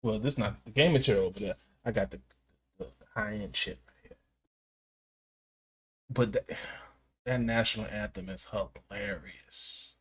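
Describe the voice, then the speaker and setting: Give me a relaxed male streamer bantering with his chat from his gaming chair. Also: fairly low pitch, measured pace, long pauses, slightly rough. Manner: loose, joking, laughs often. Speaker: live streamer. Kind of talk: casual chat with live viewers.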